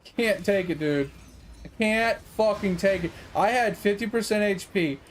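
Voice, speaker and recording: A man's voice: sits high, unhurried, slight background noise. A young man giving casual gameplay commentary as a streamer, frustrated and swearing while he talks to his chat. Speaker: gaming streamer.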